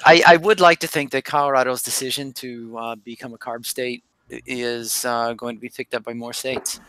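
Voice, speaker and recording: A man's voice: medium pitch, fairly even intonation, moderate pace, a crowd in the background, rough recording. A man hosting a casual panel podcast, talking with lots of hesitant fillers. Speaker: podcast host.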